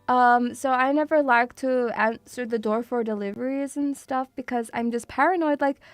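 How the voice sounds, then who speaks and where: A woman's voice: fairly high pitch, moderate pace, no echo, studio quality, faint music behind. A woman streaming casually to her viewers, chatty and self-mocking, swearing freely and laughing often as she talks through a quiz. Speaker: VTuber streamer. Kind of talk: casual live-stream chat.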